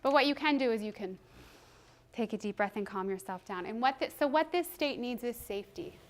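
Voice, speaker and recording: A woman giving a training presentation to a roomful of people, animated and acting out quotes from children and teachers. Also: a little high, fairly quick.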